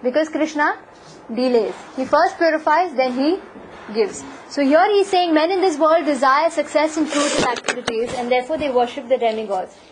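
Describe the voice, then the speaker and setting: A woman giving a devotional lecture, telling a scripture story in a lively way and asking her listeners questions. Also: high-pitched, normal speed, noisy background. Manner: animated storyteller, asks the audience questions. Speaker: spiritual lecturer.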